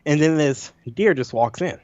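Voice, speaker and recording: A man co-hosting a podcast, telling a nightmare story in an animated, profane way and acting out his own lines. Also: a little high, moderate pace, dry recording. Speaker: podcast co-host. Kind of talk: casual storytelling chat. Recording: dull lo-fi audio, dry.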